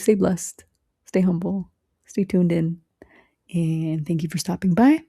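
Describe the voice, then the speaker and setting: A woman's voice: lowish voice, fairly even intonation, normal speed, creaky, dark tone, slightly rough, dry recording, clean studio sound. A young woman vlogger telling a rambling story in a casual, chatty way, full of fillers and restarts and the odd swear.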